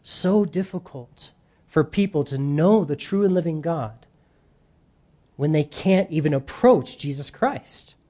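A man delivers a sermon as a pastor. His voice is mellow and somewhat high, and he turns animated before letting key phrases fall soft and low. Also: unhurried. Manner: animated, drops to soft emphasis at phrase ends.

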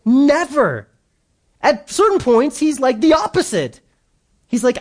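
A man's voice: very high voice, big pitch swings, slow, a little mellow. A man preaching a sermon in a casual, joking way, acting out the voices of the people he quotes. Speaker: pastor.

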